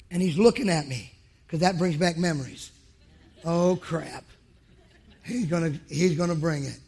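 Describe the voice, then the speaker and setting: A man's voice: a little high, a little mellow. A man preaching a sermon to men, telling a personal story in an emphatic way and acting out past conversations. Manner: emphatic, acts out his own past dialogue.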